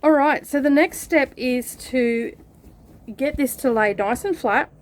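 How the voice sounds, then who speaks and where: A woman hosting a sewing channel, giving relaxed, chatty step-by-step instructions. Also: high voice, unhurried. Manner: relaxed, chatty instructions with frequent "okay" and "all right". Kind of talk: step-by-step craft tutorial.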